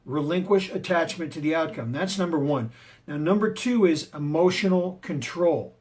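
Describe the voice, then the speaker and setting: A man who teaches martial arts gives an emphatic, punchy motivational talk on confidence, using personal stories to drive his points home. His voice is a little high and expressive, with a darkish tone and a moderate pace.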